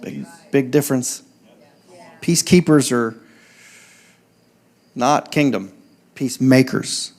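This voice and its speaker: Guy preaching at church, kinda gravelly voice, chatty and jokey between the bible verses. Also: mid-range voice, slow, pauses often, a little mellow. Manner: conversational, joking storyteller between scripture readings. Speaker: pastor. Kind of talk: sermon. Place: church service.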